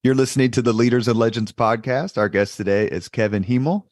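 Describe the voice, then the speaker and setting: A man's voice: medium pitch, no echo, studio quality. A man in his fifties hosting a podcast, asking questions with thoughtful personal lead-ins. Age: 50s. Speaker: podcast host. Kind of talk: interview questions.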